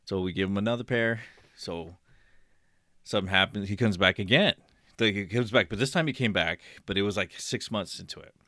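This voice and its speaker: A man casually telling a story on a podcast, full of fillers, acting out a yelling customer. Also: fairly low pitch, brisk, no echo, clean studio sound. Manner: animated, many fillers, acts out a shouting customer.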